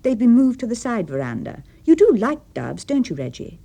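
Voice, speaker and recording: A woman with an English accent reading the part of a soft-voiced young woman who laughs at her suitor. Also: on the high side, sing-song, moderate pace, creaky, pitched above the performer's own voice, exaggerated voice. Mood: light teasing. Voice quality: small soft voice.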